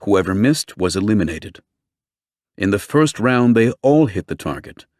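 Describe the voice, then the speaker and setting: A man narrating a true-crime book in a steady, measured storytelling voice. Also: on the low side, no echo, clean studio sound. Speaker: audiobook narrator. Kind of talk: scripted narration.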